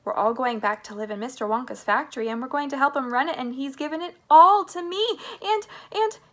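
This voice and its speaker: A poor, kind little boy from a storybook, pitched high and tumbling eagerly over his words, as a woman reads him. Her delivery stays lively and wide-ranging. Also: a little fast, vocal fry, exaggerated voice. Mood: excited. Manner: eager, breathless.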